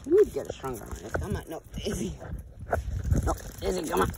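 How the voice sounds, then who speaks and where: Lady vlogger, low voice that swings up and down a lot, coaxing her dogs. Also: huge pitch swings, quick pace, creaky, heavy background noise. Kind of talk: casual vlog chat. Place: at home, then outdoors walking dogs.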